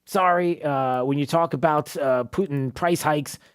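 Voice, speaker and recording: A man with a slightly high, clean-toned voice hosts a talk radio show at an unhurried pace. He mocks and opines sarcastically, laughing frequently and stumbling through many filler words and restarts.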